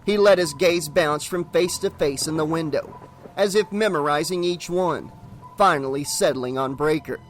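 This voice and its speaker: A man narrating a horror novel as an audiobook, steady and dramatic. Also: on the high side, normal speed, soft background music.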